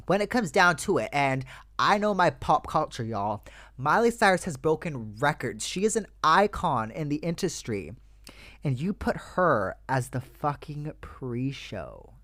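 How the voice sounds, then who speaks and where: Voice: mid-range voice, fairly bright tone, no room sound. A young adult podcast host talks straight to the listeners in a loose, heated rant. Curses come easily, and the talk stays casual and personal. The voice sounds dry and close, with no room around it. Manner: ranting, swears freely, addresses listeners as "you guys". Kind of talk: casual solo podcast chat.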